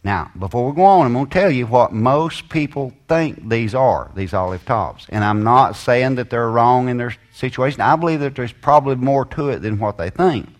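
A man leading a Bible study, drawing out quoted verses slowly and giving asides to a helper. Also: mid-range voice, lively intonation. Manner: slows and stresses quoted scripture, asides to a helper. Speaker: Bible teacher.

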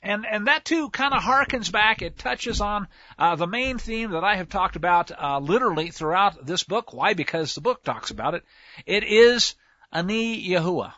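A Bible teacher works through scripture verse by verse in a relaxed, folksy manner, tossing in slang asides. His voice sits high and sounds animated and sharp, moving at a normal pace with few pauses. The recording is dull and lo-fi, completely dry with no echo.

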